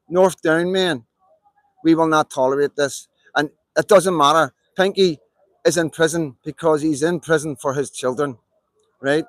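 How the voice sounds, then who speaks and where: A man's voice: fairly high pitch, a bit bright, no room sound, low-quality recording. A man with a Belfast accent, delivering an impassioned, repetitive live-stream monologue in an emphatic, rallying way. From Northern Ireland.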